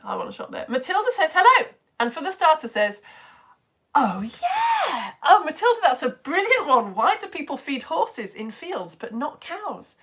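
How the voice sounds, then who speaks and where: A woman hosting a live stream lesson, chatty and excitable, reading out viewer comments and laughing often. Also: fairly high pitch, breathy edge. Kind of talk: casual live-stream chat.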